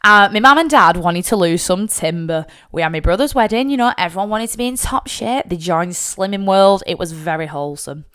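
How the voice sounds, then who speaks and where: A woman's voice: medium pitch, brisk, few pauses, clean tone. A young woman with a Lancashire accent, hosting a podcast and telling personal stories in a candid, chatty way with casual swearing. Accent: Northern English, Lancashire. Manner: chatty and candid, swears freely, animated when acting out family. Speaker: podcast host. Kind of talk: personal storytelling monologue.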